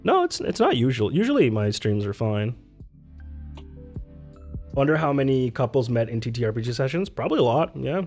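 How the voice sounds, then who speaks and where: A man's voice: medium pitch, sing-song, normal speed, pauses often, a little mellow, soft background music. A man live-streaming from his home setup, chatting casually and answering his chat, rambling and laughing often.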